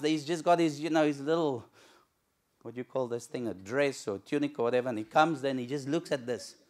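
A male pastor preaching a sermon in church, telling a story with lively, acted-out moments. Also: fairly high pitch, gravelly. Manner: animated storytelling, acts out shouting crowds.

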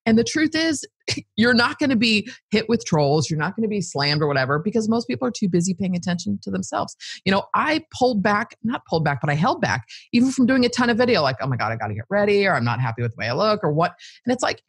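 A woman talking as a podcast guest in casual chat, animated and laughing often. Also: mid-range voice, husky, no room sound.

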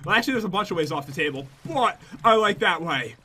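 A woman's voice: on the low side, animated, pushed and bright, soft background music. A woman chatting casually and teasing her friend while playing a video game. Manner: playful, teasing, quick reactions. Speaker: gaming video host. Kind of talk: casual gameplay chat.

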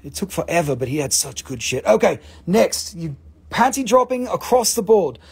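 A man hosting a live mineral sale, joking, swearing, and pitching his stones with enthusiasm. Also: very animated, moderate pace, vocal fry, breathy edge. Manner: joking, profane, enthusiastic salesman. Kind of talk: livestream sales chat.

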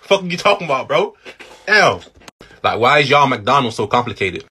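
An American man from the United States doing a profane, incredulous comic rant, often breaking into laughter, with a husky voice. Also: mid-range voice, sing-song, normal speed, bright, forceful tone. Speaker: comedian ranting to camera.

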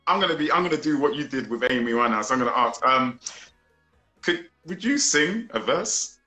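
A man's voice: medium pitch, expressive, fairly quick, bright, forceful tone, soft background music. A man hosting a live-streamed interview, enthusiastic and slangy and full of praise for his guest. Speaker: interview host. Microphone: video call. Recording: echoey room.

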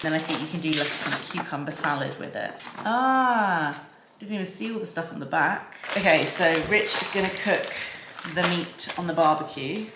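Chatty, low-voiced woman vlogging at home. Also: fairly quick. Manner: chatty and excitable, with lots of filler "like". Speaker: lifestyle vlogger. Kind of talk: casual vlog chat to camera. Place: home, kitchen and upstairs rooms. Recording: roomy home audio with background noise.

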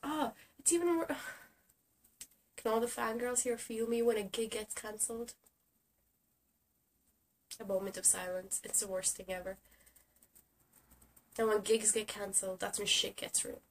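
A woman's voice: medium pitch, steady tone, moderate pace, pauses often. A young woman who is sick, ranting sarcastically in a casual vlog and swearing often. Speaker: vlogger. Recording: distant camera mic with faint hiss.

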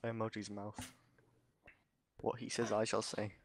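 Deadpan low-voiced gamer man. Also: measured pace, dry recording, studio quality. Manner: deadpan, mock-formal jokes. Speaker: player. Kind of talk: casual voice chat.

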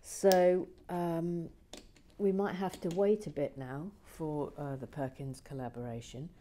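A woman hosting a relaxed building vlog from her shed, reading comments with dry teasing humor and soft whispered asides. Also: deep voice, measured pace. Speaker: vlog host. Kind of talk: casual chat while building and reading comments.

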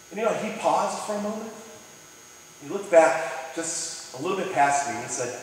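A man's voice: on the high side, very animated, measured pace, pauses often, a little hiss or hum. A man preaching a sermon, telling stories, asking the congregation questions and acting out the people he quotes. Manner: storytelling, asks the audience questions, acts out quoted people. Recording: distant mic in an echoey hall.

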